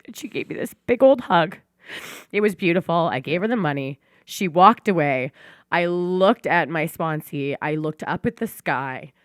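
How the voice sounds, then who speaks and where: A woman hosting a podcast, telling a personal story in a heartfelt, animated way with casual swearing, close to tears. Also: lowish voice, normal speed, no room sound. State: teary. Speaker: podcast host.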